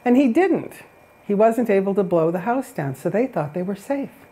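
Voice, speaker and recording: A woman's voice: mid-range voice, animated, normal speed, dark tone. A woman on a spiritual talk show who tells a fairy-tale parable in a chatty, self-deprecating way and laughs often. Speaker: guest.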